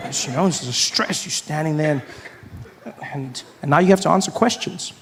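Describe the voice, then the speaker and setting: A man performing a stand-up comedy routine, talking animatedly and acting out characters with big shouted voices. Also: a little high, moderate pace, a little hiss or hum. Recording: live stage recording with crowd. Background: audience laughter.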